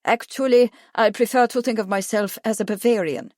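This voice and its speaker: A woman reading the lines of a suave, monocled aristocratic count in a measured, smooth way. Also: fairly high pitch, darkish tone, no echo, studio quality, lightly acted.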